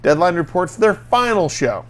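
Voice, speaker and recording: A man's voice: high-pitched, big pitch swings, moderate pace. A man co-hosting a casual show, reading entertainment headlines aloud and stumbling through mental math. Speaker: news-reading co-host. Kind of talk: casual entertainment news chat.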